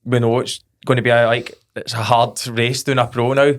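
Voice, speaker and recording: A man's voice: medium pitch, flat delivery, moderate pace. A Scottish man chatting casually on a podcast, enthusiastic and full of local slang. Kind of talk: casual chat.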